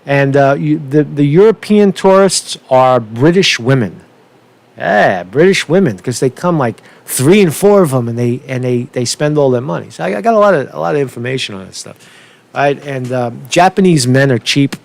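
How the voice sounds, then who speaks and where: A man ranting unscripted on a political commentary vlog, profane and rambling, with halting restarts, repeated words, and a constant "right?" tag. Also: medium pitch, lively intonation, gravelly. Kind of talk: unscripted rant.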